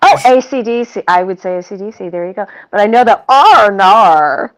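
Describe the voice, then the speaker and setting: A woman's voice: medium pitch, fast, darkish tone, no echo. A woman co-hosting a casual chat, playful and teasing, laughing often. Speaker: co-host.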